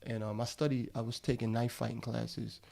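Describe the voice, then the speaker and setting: Animated New man telling stories. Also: mid-range voice, brisk, creaky. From Harlem, New York. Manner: animated storyteller, street slang, laughs often. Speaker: guest, actor. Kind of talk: casual podcast interview. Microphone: studio dynamic mic.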